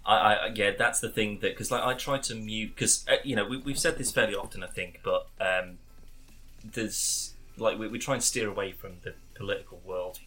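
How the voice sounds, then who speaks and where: A man chats casually with a wry, self-mocking edge. His voice is lowish yet bright and forceful. He talks like a co-host trading jokes. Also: steady tone, normal speed, faint music behind. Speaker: podcast co-host. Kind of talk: casual chat.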